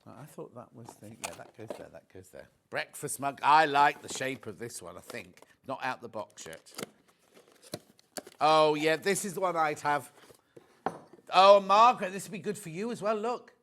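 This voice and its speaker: A man, chatting away as a TV shopping presenter. His voice sits a touch high for a man and swings up and down a lot as he tells his anecdotes with animation. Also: expressive, normal speed, a bit bright, slight background noise. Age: 60s. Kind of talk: live TV shopping chat. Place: TV studio.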